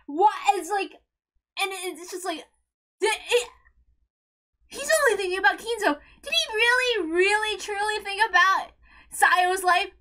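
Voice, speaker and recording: Super high-pitched woman ranting, upset and teary, yelling and swearing. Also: unhurried. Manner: ranting, swears, shouts and voice cracks. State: upset, close to tears. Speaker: channel host reading a visual novel aloud. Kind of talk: emotional reaction rant.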